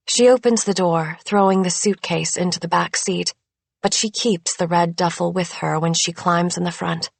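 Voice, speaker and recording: A woman narrating a thriller audiobook in a measured, suspenseful way, close to a studio mic. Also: on the low side, gravelly, no room sound. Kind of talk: scripted narration.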